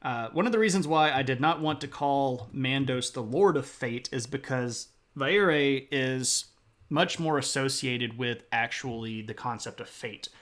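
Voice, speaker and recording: A man's voice: medium pitch, unhurried, fairly bright tone. A man streaming live, chatting casually with viewers in a playful, self-mocking way. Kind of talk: casual chat reading viewer comments.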